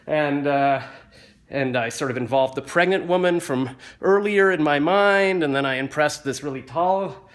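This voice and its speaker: A man's voice: fairly high pitch, a little slow. A man, telling a rambling, self-mocking story into a phone he holds close to his face at home. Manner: rambling, self-mocking, gets louder and livelier as the story builds. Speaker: vlogger. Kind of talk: casual storytelling. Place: indoors at home, just back from the gym. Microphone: phone held in hand, close to face.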